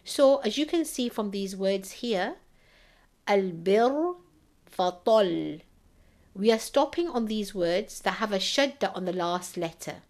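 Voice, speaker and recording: Female recitation teacher, measured instructional read, mid-pitched, enunciates slowly. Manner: measured, explanatory, sounds out Arabic words slowly for emphasis. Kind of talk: instructional narration.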